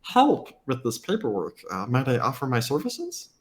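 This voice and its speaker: A man's voice: mid-range voice, wildly swooping pitch, normal speed. Perky little gnome guy, folksy howdy-ho energy, a man putting it on. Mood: cheery. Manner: cheery, folksy. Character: chipper male gnome, eager to help.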